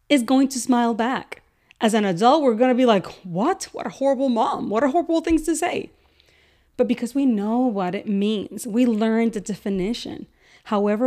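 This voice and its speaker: Woman podcast host with a slightly high voice, earnest teaching manner, acts out examples. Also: darkish tone. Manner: earnest, repeats words for emphasis, acts out quoted examples. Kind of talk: educational podcast talk.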